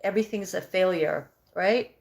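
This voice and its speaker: A woman's voice: fairly low pitch, normal speed, creaky, darkish tone. A woman in her fifties coaching breathwork on a live stream, candid and rambling, often correcting herself mid-sentence. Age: 50s.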